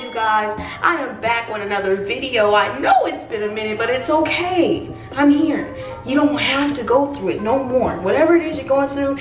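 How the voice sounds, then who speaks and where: A young woman with a slightly high voice talks viewers through a hair tutorial in a loose, playful way, full of asides. She records in an echoey room. Music plays clearly behind her. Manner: chatty, playful, rambling asides. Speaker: beauty vlogger. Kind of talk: casual hair tutorial vlog.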